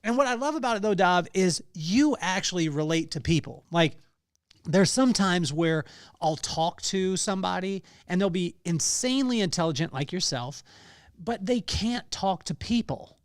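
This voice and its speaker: A high-voiced man from California hosts a podcast with enthusiastic, effusive energy. His voice is smooth and clear. The sound is dry and close to the mic. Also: animated, normal speed, no room sound. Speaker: podcast host. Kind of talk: podcast interview.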